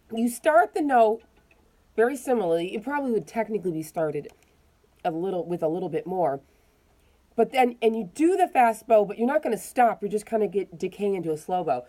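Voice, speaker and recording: A woman teaching a violin lesson, calmly explaining bowing technique step by step while demonstrating. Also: medium pitch. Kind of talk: casual instructional explanation.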